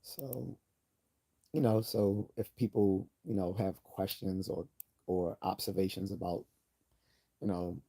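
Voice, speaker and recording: A man's voice: low voice, steady tone, slow, creaky, pauses often, dark tone. A man hosting a casual livestream, chatting loosely, correcting himself often and reading viewer comments aloud. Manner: rambling, self-correcting, reads chat comments aloud. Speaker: livestream host.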